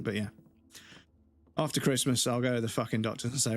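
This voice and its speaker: A British man talking casually on a game stream. His voice sounds stuffed up, and he keeps clearing his throat. He rants in a mid-pitched voice and swears constantly. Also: steady tone, brisk, long pauses. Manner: ranting, heavy swearing. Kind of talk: casual live-stream chat.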